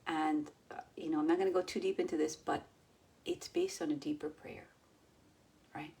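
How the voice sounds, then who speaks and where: A middle-aged woman coaching her audience in a lively way, acting out inner voices and dropping to near whispers. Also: deep voice, normal speed, vocal fry. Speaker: yoga and mindset coach. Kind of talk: coaching talk to an online audience.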